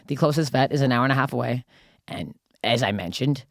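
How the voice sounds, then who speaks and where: Young canadian woman ranting a story on a podcast, talks super fast, dry close mic. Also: very deep voice, no room sound. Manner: fast, profane, animated storytelling. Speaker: podcast co-host. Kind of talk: casual storytelling chat.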